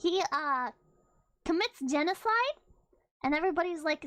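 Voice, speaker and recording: A woman's voice: very high voice, animated, normal speed, fairly bright tone, rough recording. A young woman streamer chatting casually and playfully, rambling with restarts and freely swearing. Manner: playful, laughs often. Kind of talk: casual livestream chat.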